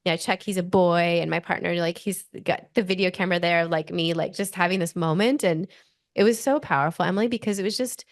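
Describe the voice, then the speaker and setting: A woman in her forties with an Australian accent tells a personal story as a podcast guest. Her voice sits on the low side, and she talks in an animated, rushing way full of "like" fillers. The sound is dry and close, with no room around it. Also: no echo. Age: 40s.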